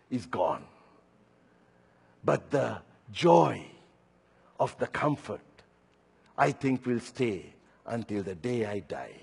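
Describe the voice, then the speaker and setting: A man's voice: a little high, slightly rough, in a large hall. A man in his sixties preaching a sermon, earnest and personal, telling his own story between scripture quotes. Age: 60s.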